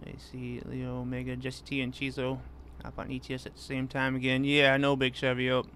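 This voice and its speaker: This gaming streamer keeps things laid-back, reading chat aloud and greeting viewers by name as he drives in a truck game. He talks briskly in a monotone with a mid-range, fairly bright voice, and there's a little hiss or hum on the audio.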